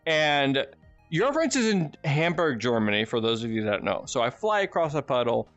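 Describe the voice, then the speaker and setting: An American man telling his stream viewers a casual story, animated and profane, laughing often. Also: mid-range voice, moderate pace, no echo, highs cut off, soft background music. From United States. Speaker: streamer and channel host.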